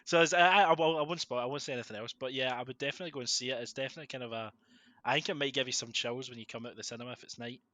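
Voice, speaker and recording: A young man, co-hosting a podcast, excitable and swearing freely in casual chat. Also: mid-range voice, rapid-fire, no room sound. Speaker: podcast co-host.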